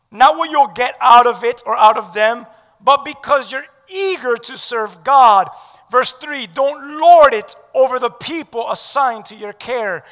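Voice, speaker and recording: High, bright-voiced emphatic male preacher. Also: big-room sound. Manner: emphatic, swinging between loud declarations and hushed lines; leads the audience in call-and-response. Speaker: pastor. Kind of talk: sermon.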